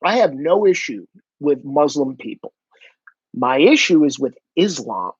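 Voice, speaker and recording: A man's voice: a little high, sing-song, unhurried, breathy edge, dry recording, muffled recording. A man vlogging in a casual, profane monologue, speaking bluntly and slipping into mocking impressions of other people.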